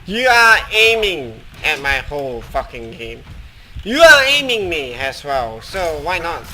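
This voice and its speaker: A young man streams a shooter game in a fairly high, very animated voice at a measured pace, swearing, taunting, and shouting at the other players as live trash-talk commentary. The low-quality recording carries slight background noise.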